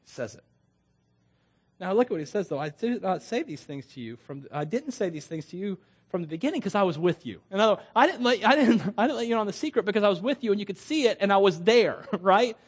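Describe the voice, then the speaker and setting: Middle-aged male preacher, higher register, animated conversational sermon delivery. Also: fast, slightly rough.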